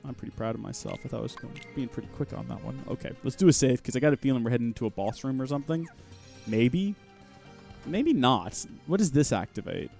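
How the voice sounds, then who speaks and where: A man's voice: mid-range voice, fast talker, gravelly, faint music behind. A man hosting a livestream of a video game, talking into a headset with joking, sarcastic asides. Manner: animated, jokey, sarcastic asides. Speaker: gaming livestream host. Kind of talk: let's play commentary.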